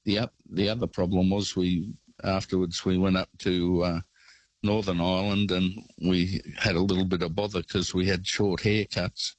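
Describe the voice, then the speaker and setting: An Australian man phoning in to a radio show, his voice low and deep. He rambles through a relaxed story, and the sound is close and dry. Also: moderate pace, dry recording, poor audio. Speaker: caller. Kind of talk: casual phone-in storytelling.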